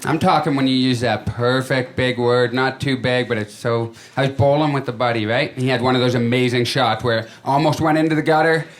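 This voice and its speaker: A man's voice: mid-range voice, fairly even intonation, brisk, hardly any pauses. A man doing a stand-up comedy set, telling stories in a conversational way and acting out quotes. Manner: conversational storytelling with acted-out quotes. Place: comedy stage before a live audience. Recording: live audience laughter.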